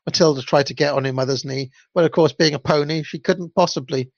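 A man's voice: fairly high pitch, steady tone, quick pace, few pauses, no room sound. A man reading a children's story aloud in an unpolished way, with the odd stumble, amused by the text. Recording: dull lo-fi dry recording.

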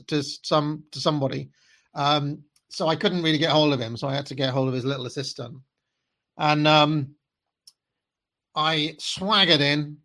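A man's voice: medium pitch, fairly bright tone. Brief: man, middle-aged, podcast host musing to his listeners, loose and rambling, lots of ums. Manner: chatty and rambling, with frequent fillers and laughs. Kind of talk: casual monologue to listeners.

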